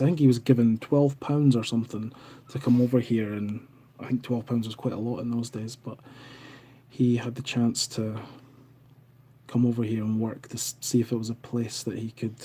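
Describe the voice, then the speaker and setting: A man's voice: mid-range voice, dark tone, husky. A Scottish man in his thirties, hosting a casual live stream from home and chatting as he reads out viewer comments. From Scotland. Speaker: livestream host. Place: home in Canada.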